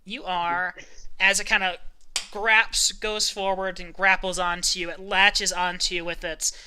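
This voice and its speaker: A man's voice: sits high, flat delivery, measured pace, pushed and bright, slight background noise. A man running a tabletop game as game master, explaining rules at length with many ums and uhs.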